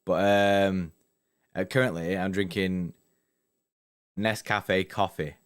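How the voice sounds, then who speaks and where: A man's voice: deep voice, fairly even intonation, takes it slowly, smooth. Young guy on a fan stream, laid-back banter, lots of mate and innit. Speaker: football fan channel host. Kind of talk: casual live-stream chat reading viewer comments.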